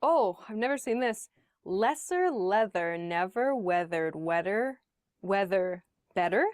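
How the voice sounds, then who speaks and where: A woman's voice: mid-range voice, lively intonation, slow, no room sound. Playful woman on a dry close mic. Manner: playful, tries tongue twisters out loud. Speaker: podcast host played in class. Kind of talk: casual podcast chat.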